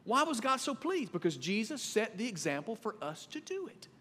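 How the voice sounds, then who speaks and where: A man in his thirties preaching a sermon as pastor, conversational and animated, swinging between loud and quiet. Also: sits high, moderate pace. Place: church sanctuary. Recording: long reverb of a church hall.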